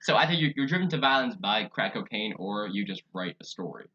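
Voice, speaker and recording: Bright-voiced male co-host, jokey banter, muffled mic. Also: lowish voice, animated, slight background noise. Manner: jokey, quick asides, lots of laughing. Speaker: podcast co-host. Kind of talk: casual comedic chat.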